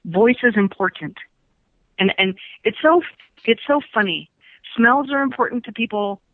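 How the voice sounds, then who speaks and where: On a call-in radio show, a woman psychic guest does a reading over a tinny phone line. Her fairly high voice has lively intonation and moves at normal speed with no echo, and she keeps repeating herself emphatically between frequent laughs.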